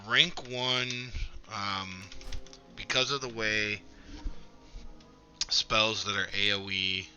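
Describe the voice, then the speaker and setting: A man's voice: sits low, sharp tone. A man streaming a game, chatting casually and swearing freely as he explains his setup at length. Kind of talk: casual gameplay chat.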